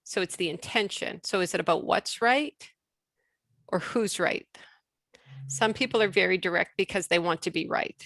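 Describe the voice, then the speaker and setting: Gravelly-voiced woman speaking on a video call. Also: fairly low pitch, no room sound. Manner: animated, quick restarts, laughs between points. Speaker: guest speaker on leadership. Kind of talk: casual conversational webinar talk.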